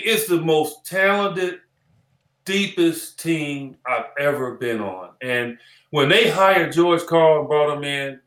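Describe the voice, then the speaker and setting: A man in his sixties, a former player turned analyst, tells stories in an interview chat. His voice is bright and forceful, and he acts out quoted lines and repeats phrases for emphasis. The recording sounds roomy and echoey. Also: a little high. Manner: animated storyteller who acts out quoted dialogue and repeats phrases. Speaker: former basketball player and analyst as podcast guest.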